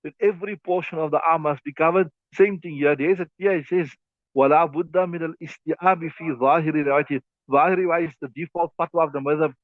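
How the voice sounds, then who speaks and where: A man's voice: a little high, no room sound. A man teaching a lesson on a classical text, repeating himself and talking listeners through hand movements. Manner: repetitive, demonstrating with his hands. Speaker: teacher of Islamic law. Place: class also streamed online. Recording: tinny phone-like audio.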